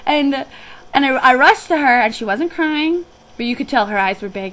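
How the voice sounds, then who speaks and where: A woman's voice: sits high, lively intonation, normal speed, fairly bright tone, rough recording. A young woman who works on a guest ranch, telling a personal story in a chatty, reflective way with frequent restarts.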